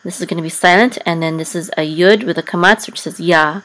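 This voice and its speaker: A woman with a somewhat low voice leads a step-by-step lesson. She patiently sounds out each syllable and corrects herself as she goes. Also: a little fast, fairly bright tone, poor audio. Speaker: Hebrew and Torah chanting teacher.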